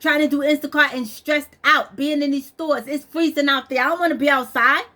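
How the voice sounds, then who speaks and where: A woman's voice: sits high, fairly even intonation, fairly quick, sharp tone. A woman venting bluntly on a vlog, stressed and weepy, swearing as she talks. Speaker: vlogger. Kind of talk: emotional personal vent.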